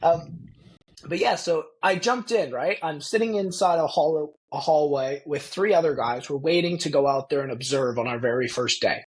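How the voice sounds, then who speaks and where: A young Canadian man with a Canadian accent, a podcast guest telling stories in a lively way and laughing often. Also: on the high side, normal speed, rough recording. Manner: animated storyteller, laughs often, acts out quoted voices. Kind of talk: casual storytelling.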